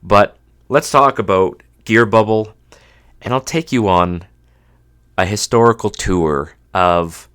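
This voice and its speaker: Male podcast host, 30s, from Canada, very low voice, congested, wry casual monologue. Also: takes it slowly, fairly bright tone, smooth. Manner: dry, self-mocking humor. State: stuffed up from a cold.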